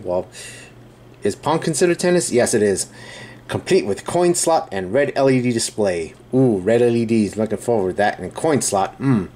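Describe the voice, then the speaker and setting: A man's voice: lowish voice, a little mellow. A man hosting a casual unboxing and review, rambling, correcting himself and chuckling as he reads the box aloud. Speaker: channel host reviewing a build kit.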